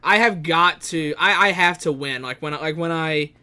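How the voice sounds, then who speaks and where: A young man giving casual gameplay commentary, muttering in frustration, swearing, now and then shouting in outrage. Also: fairly high pitch, moderate pace, clear, resonant tone. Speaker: gamer playing a randomized action game. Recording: faint game music behind.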